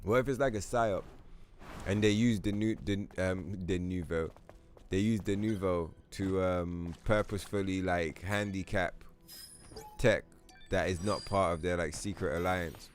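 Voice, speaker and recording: A man's voice: low voice, steady tone, measured pace. A man chatting casually while streaming a game, telling rambling, profane stories and acting out other people's lines. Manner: rambling, profane storytelling with acted-out quotes. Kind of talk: casual gaming livestream chat. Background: game music.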